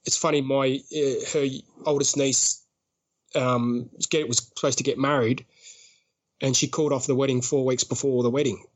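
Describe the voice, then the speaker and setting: A man's voice: medium pitch, moderate pace. An Australian man on a podcast, telling a story casually and acting out what other people said. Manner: lively, acts out other people's lines, laughs often. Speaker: podcast guest.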